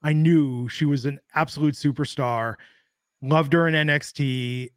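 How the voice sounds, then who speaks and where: A man with a fairly high voice chats through a wrestling recap, opinionated and rambling, full of filler words. The sound is close and dry, with no room echo. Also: steady tone, a little slow. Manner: chatty, opinionated, rambling with many "like"s. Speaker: wrestling show co-host. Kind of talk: casual podcast chat.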